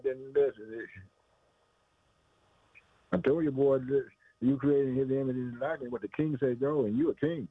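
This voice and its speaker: A man's voice: mid-range voice, normal speed, pauses often, husky, no room sound. Preacher, man, loose conversational sermon, keeps saying "man" and "boy", thin phone-line sound, dry. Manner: repetitive, conversational, calls listener "man" and "boy". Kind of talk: informal preaching.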